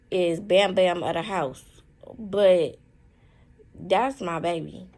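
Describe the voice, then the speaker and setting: A young woman talking candidly in a personal vlog from a hospital room, in slow, halting, heartfelt speech with many fillers. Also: fairly low pitch, low-quality recording. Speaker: vlogger.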